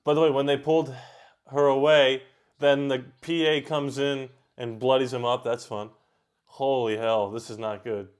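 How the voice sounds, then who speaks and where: A man hosting a reaction video, chatting casually and talking back at the screen with quick outbursts. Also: mid-range voice, flat delivery, clean tone.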